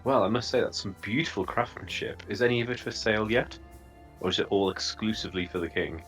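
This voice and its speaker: A man voicing a genteel, smooth-talking male adventurer who speaks with overly polite, formal phrasing. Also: lowish voice, fairly even intonation, fast talker, a bit bright, faint music behind, natural voice.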